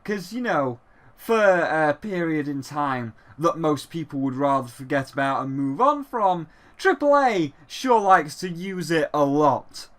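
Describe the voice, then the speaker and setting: Guy reviewing a game, slow and sarcastic, swears a lot, voice a bit high. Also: sing-song. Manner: sarcastic, profane, exasperated.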